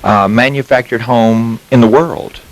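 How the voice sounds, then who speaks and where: A man's voice: mid-range voice, fairly even intonation, unhurried, rough recording. A man in his fifties with a Southern US accent from Mississippi, telling folksy anecdotes with chuckles as an interview guest, a little tired. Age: 50s. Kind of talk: casual storytelling interview. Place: mobile home sales lot.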